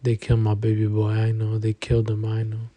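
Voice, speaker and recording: A man's voice: lowish voice, completely flat delivery, fairly quick, dark tone, no echo, lightly acted. A man voicing a firm, caring mother who works as a clinic nurse, with a motherly, scolding manner.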